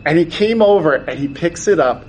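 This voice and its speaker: A man's voice: a little high, animated, normal speed, very noisy. Chatty man telling stories at a convention. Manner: chatty, laughs often, acts out quotes. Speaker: toy designer guest. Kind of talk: casual anecdotal storytelling. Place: convention panel.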